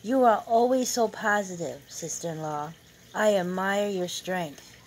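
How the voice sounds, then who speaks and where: A woman's voice: medium pitch, measured pace, slight background noise, close to an everyday voice, low-quality recording. A woman reading aloud, voicing an admiring female dinner guest who is the host's sister-in-law.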